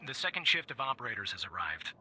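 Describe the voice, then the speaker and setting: A man's voice: medium pitch, big pitch swings, quick pace, pushed and bright. An actor voicing a stern male agency supervisor in a video game, curt and authoritative.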